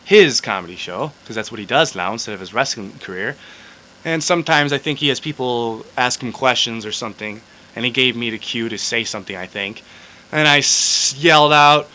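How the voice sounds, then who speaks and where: A man tells a story straight to his camera in a loose, rambling way, swearing and drifting into side remarks. His voice is bright and a little tense, sitting at an ordinary middle pitch. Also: rough recording. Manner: rambling, swears freely, trails off into asides. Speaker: vlogger telling a story.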